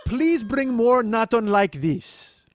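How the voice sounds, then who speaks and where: A man's voice: very high-pitched, expressive, voice pushed up, heavily acted. A man doing a lordly rich young Russian. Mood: grandly demanding. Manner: slow, lordly, formal phrasing.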